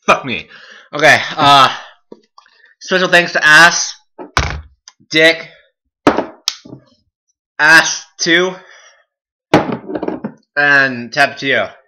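Young male vlogger, slow-talking and bright-toned, in pain and teary, cursing and laughing. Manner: swearing, groaning and laughing through a hot sauce challenge; muttering low asides. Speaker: YouTuber. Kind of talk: casual vlog.

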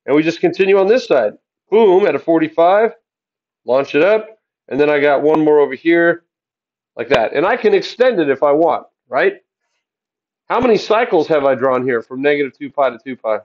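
In a fairly high, very animated voice, a man briskly leads a math lesson, though the audio is dull. He cracks jokes, stays upbeat and poses questions to students while going through graphs.

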